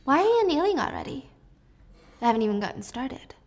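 A woman voicing a vengeful teacher who speaks in a quiet, cold, menacing tone. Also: high voice, very animated, brisk, pitched above the performer's own voice, full character voice.

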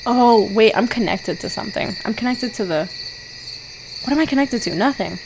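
A woman hosting a casual solo podcast, talking in an excitable, rambling way and peppering her speech with "freaking". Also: fairly high pitch, normal speed, vocal fry, background noise. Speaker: podcast host.

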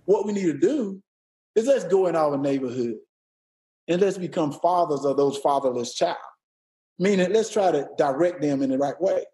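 A man's voice: fairly high pitch, expressive, normal speed, dark tone. A man in a played interview clip, speaking earnestly and repeating himself for emphasis. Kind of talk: casual conversation.

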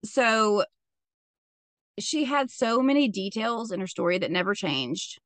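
Telling true-crime stories on her podcast, a young woman speaks in an expressive, mid-range voice that's a bit bright and a little slow. She's chatty and swears freely, leaning on "like" a lot. The sound is dry and close-up, with no room sound.

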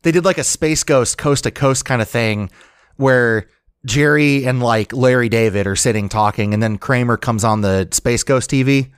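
A man's voice: medium pitch, moderate pace, clean tone, no echo. Male podcast co-host, casual and rambling, dry close mic. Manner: rambling, full of "like" and restarts. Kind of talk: casual chat.

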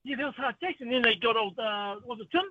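A man's voice: extremely high pitch, fast, no echo. A man calling a talkback show, rambling in a friendly way. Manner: rambling, friendly, trailing off quietly. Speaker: caller. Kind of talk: casual phone-in chat. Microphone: phone. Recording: dry tinny phone line.

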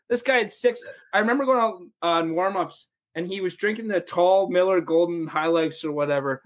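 A man's voice: high-pitched, a little fast. A young man with an American accent casually telling road-trip stories from his hockey career, swearing freely and acting out the people in them. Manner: loose, profane storytelling with animated quoted voices. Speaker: podcast guest, pro hockey player. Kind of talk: casual storytelling.

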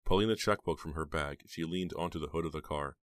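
A man reads a horror novel aloud in a very deep, steady voice. His delivery is measured and even. The recording is dry and close. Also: no echo. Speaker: audiobook narrator. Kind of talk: audiobook reading of a horror novel.

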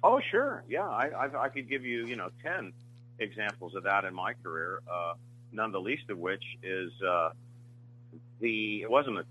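Male screenwriter guest, forceful delivery, many restarts and fillers, muffled recording. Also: on the low side, lively intonation, moderate pace, slight background noise. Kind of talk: interview storytelling.

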